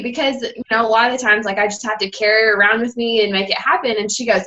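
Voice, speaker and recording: Candid young woman, bright lively voice. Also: fairly high pitch, fast talker, few pauses, muffled recording. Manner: candid, rambling storyteller who acts out the people she quotes. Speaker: guest speaker and fitness coach. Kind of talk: personal story on a team call.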